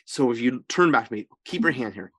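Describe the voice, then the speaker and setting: A man's voice: medium pitch, expressive, a little fast, a bit bright, slightly rough. A man, a priest, leading an informal Bible study. He speaks emphatically, keeps checking in with his listeners and often restarts or corrects himself mid-sentence. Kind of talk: informal scripture teaching.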